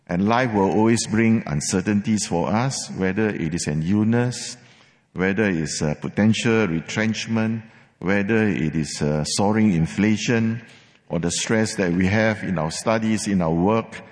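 A man's voice: lowish voice, unhurried. A man preaching a sermon, emphatic, repeating words for stress, with some fillers. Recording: long hall reverb.

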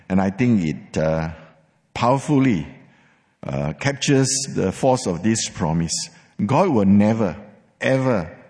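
A male preacher delivers a sermon with a measured, emphatic rhythm, slowing to stress each key phrase. His voice swings widely in pitch, and a long reverb trails after him through a large hall. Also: darkish tone.

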